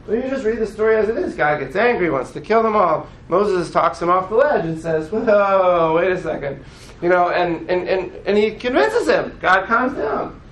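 Animated man teaching a text class. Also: high voice, moderate pace, few pauses, reverberant, rough recording. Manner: animated, acts out voices of the story, frequent "right?".

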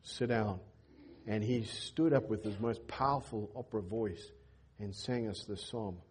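A man's voice: measured pace, a little hiss or hum. A middle-aged man preaching in a church, a pastor telling a story in a sermon and acting out the dialogue with a lifted voice. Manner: animated storyteller, acts out dialogue with lifted pitch.

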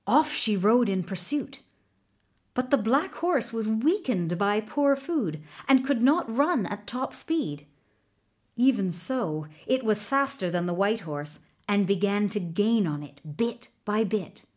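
A woman reading a fairy tale aloud in an expressive, dramatic storyteller manner. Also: mid-range voice, a little slow.

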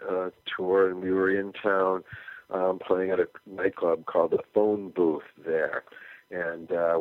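A man's voice: low-pitched, no echo. Older man telling stories over a phone line. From California. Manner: animated anecdotal storyteller, acts out quoted dialogue. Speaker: musician guest. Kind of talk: radio interview storytelling. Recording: phone-line interview, dry.

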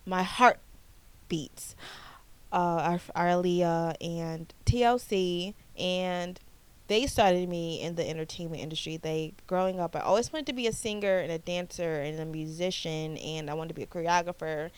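A woman in her twenties from the United States, hosting her own podcast in a casual, animated chat with frequent restarts. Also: on the low side, normal speed, clean tone. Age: 20s. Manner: chatty, animated, repeats herself and restarts often. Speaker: podcast host.

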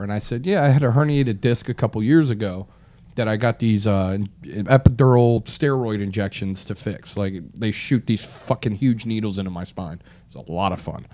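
A man with a medium-pitched, dark-toned voice tells a long story in casual chat at a fairly quick pace. He swears often, acts out what people said to him, and grows more and more exasperated.

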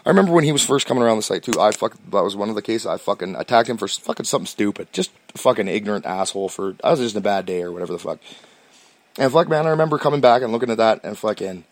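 A man's voice: on the low side, animated, very fast. A Canadian man hosting a podcast, rambling and swearing constantly, stammering and restarting as he talks, sounding stoned. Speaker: podcast host. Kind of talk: rambling casual monologue.

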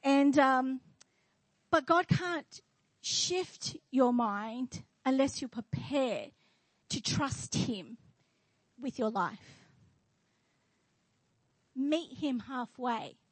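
A woman's voice: sits high, animated, drawn-out words, long pauses, no echo, poor audio. A woman pastor preaching a sermon in church, declaring and asking the congregation questions.

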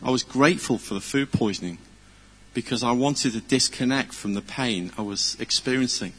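A man's voice: medium pitch, normal speed, a bit bright, breathy edge. A middle-aged man, giving an informal, chatty sermon full of personal stories, earnest and self-deprecating. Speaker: preacher. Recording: long hall reverb.

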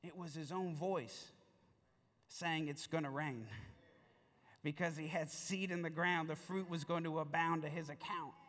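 A male pastor preaching a sermon in a large church hall, telling the story in a lively way with playful asides. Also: fairly high pitch, unhurried. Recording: reverberant hall sound.

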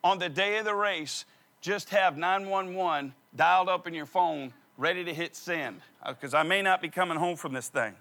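In his sermon, a middle-aged pastor shares a humorous personal story and plays out the dialogue himself. He speaks at a moderate pace in a high, bright voice with a forceful tone.

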